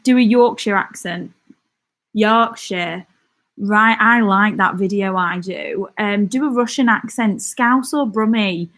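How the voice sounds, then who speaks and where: A young British woman hosting a live stream, chatting casually and giggling as she reads out viewer comments. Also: medium pitch. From Britain. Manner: chatty and giggly, with frequent ums and laughs.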